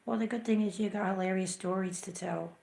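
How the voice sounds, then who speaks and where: A woman hosting a laid-back livestream, talking in a chatty, self-mocking way and often muttering to herself. Her voice has a gravelly, fry-tinged edge. The sound carries a noticeable room echo. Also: mid-range voice, steady tone, fairly quick, a little mellow. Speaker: livestream host. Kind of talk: casual live chat. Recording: echoey room.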